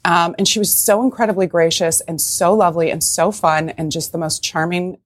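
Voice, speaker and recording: A woman's voice: lowish voice, fairly even intonation, brisk, dry recording. A woman in her forties, chatting and laughing often as a guest on a TV talk show in a studio. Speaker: actor guest.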